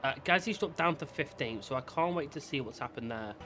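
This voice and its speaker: A man giving excitable, chatty commentary while playing a racing management game, cheering his drivers on. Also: mid-range voice, a little fast, background noise. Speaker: gaming creator.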